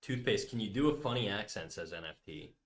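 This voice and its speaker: Deep-voiced teasing stream host. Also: male voice, expressive, brisk. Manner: teasing, joking. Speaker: livestream artist host. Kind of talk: casual chat reading chat aloud.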